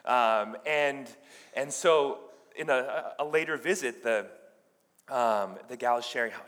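A man's voice: medium pitch, unhurried, a bit bright. A male pastor giving a sermon, telling a story conversationally and often restarting his sentences. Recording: long reverb in a large hall.

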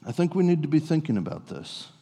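A man preaching a sermon in a relaxed, conversational way, telling stories with playful asides to his congregation. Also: fairly high pitch, quick pace, creaky, breathy edge. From US Pacific Northwest. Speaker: pastor. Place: church sanctuary. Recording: long reverb of a church hall.

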